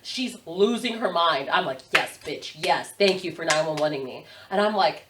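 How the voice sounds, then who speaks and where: A woman's voice: lowish voice, expressive, normal speed, far from the mic, noisy background. A young adult woman, a podcast guest, telling a story in casual chat, swearing and laughing often. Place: podcast studio.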